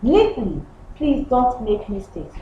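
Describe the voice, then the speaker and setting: Slow, lively-voiced woman teaching young children. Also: fairly high pitch. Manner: slow, repetitive, asks questions and answers them herself; imitates animal and clock sounds playfully. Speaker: primary school science teacher. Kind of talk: classroom lesson for young children. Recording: very echoey room, muffled sound, faint background noise.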